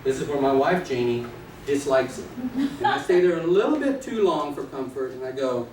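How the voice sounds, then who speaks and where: A man teaching a live class of real estate agents, playful and energetic, acting out little scenes and quizzing the audience. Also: medium pitch, moderate pace. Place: training room with an audience. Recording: echoey room, distant mic, noisy.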